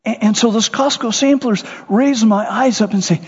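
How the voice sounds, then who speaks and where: A man preaching a sermon, animated, acting out little scenes and voices as he goes. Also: high voice, moderate pace, hardly any pauses, slightly rough. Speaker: pastor. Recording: muffled sound with long hall reverb.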